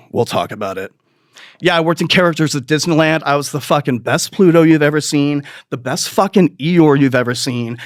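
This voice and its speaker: A man's voice: medium pitch, no echo, clean studio sound. A man hosting a comedy podcast, telling crude, rambling stories in a profane, self-mocking way and laughing at his own jokes. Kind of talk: crude comic storytelling monologue.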